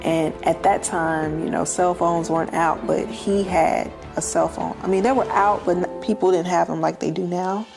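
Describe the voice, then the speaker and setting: A woman with a low, gravelly voice tells her story as an interview guest, speaking earnestly and acting out the voices of the people in it. Music plays clearly in the background. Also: steady tone, moderate pace, few pauses. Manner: earnest, acts out quoted dialogue.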